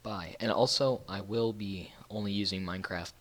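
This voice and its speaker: A man's voice: fairly low pitch, steady tone, normal speed, fairly bright tone. A young man casually telling a personal story to his channel, rambling with fillers and correcting himself as he goes. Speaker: YouTuber.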